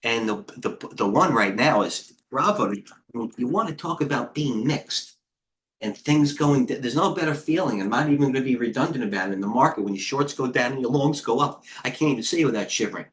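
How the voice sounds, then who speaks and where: A middle-aged man hosting a live trading stream, giving casual market commentary in a rambling way, with quick asides, restarts and talking to himself. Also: medium pitch, lively intonation, fairly bright tone. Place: indoor room with a heater on.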